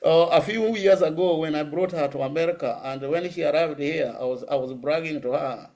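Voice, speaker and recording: A middle-aged Kenyan man giving a public lecture, telling personal stories in a lively way. He laughs often and sometimes switches into Swahili. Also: fairly high pitch, a little fast, few pauses. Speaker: guest lecturer.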